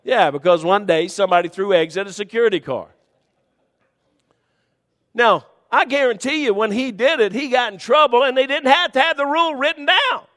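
A man preaching a sermon in a folksy, conversational way, dropping to quiet murmurs and rising to high shouts. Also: moderate pace, in a large hall.

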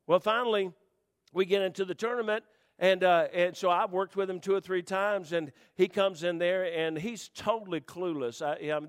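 A man preaching to a congregation, telling a rambling, animated story with restarts. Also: sits high. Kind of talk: storytelling sermon.

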